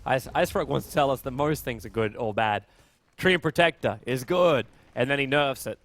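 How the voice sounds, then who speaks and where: A young man casting a live esports match, chatting casually and then rising into fast, excited play-by-play during fights. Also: mid-range voice. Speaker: esports caster. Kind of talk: live game commentary.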